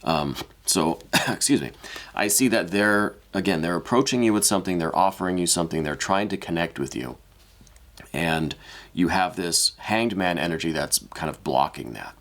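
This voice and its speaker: A man giving a weekly tarot reading, speaking gently and hesitantly, with many restarts, and openly emotional and apologetic. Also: low voice, moderate pace. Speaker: tarot reader.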